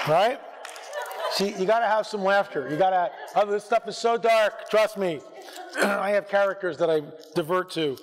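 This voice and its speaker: A hoarse American man telling stories from a church stage, his voice fairly high for a man. He acts out the lines of the people in his stories and keeps clearing his throat. A long hall reverb trails behind every word. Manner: animated, acts out dialogue, frequent restarts. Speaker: conference speaker. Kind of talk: storytelling talk to a church audience.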